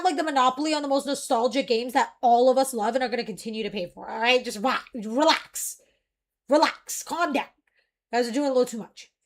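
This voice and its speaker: A young woman streamer chatting casually, rambling and ranting in an animated way. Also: sits high, fast talker.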